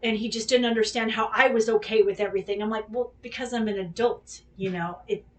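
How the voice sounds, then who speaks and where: A woman's voice: mid-range voice, fairly even intonation, fast talker, recorded from a distance. A woman hosting a podcast who tells a personal story in casual chat, rambling and candid, swearing freely and acting out what people said. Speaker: podcast host.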